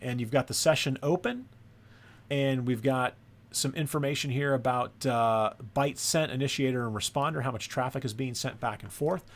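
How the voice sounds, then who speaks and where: A man's voice: medium pitch, normal speed. A man teaching a screen-recorded networking lesson, thinking aloud and often checking in with "right?". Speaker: course instructor.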